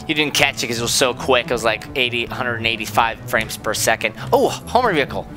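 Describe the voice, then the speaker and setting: A man hosting a let's-play, joking excitably as he plays a game, with game music behind him. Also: mid-range voice, a little fast. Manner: excitable, goofy, jokey. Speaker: gaming channel host.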